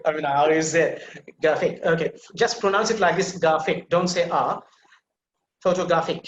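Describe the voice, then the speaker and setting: Guy teaching pronunciation online, kinda high voice, echoey room with a bit of hiss, patient and slow on the demo words. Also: lo-fi sound, crowd noise. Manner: patient, repeats words slowly to model pronunciation. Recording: echoey room with faint noise.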